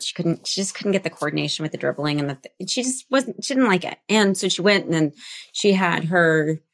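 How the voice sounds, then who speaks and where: A woman guest author in a relaxed interview, telling anecdotes in an animated, conversational way. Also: low-pitched, gravelly. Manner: animated, tells anecdotes with tag questions. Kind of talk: conversational storytelling.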